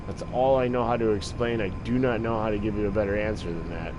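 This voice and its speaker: A man's voice: lowish voice, fairly even intonation, fast talker, highs cut off. A man talking in a rambling, crude, profane casual monologue while playing a game. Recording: noisy with vehicle sounds behind.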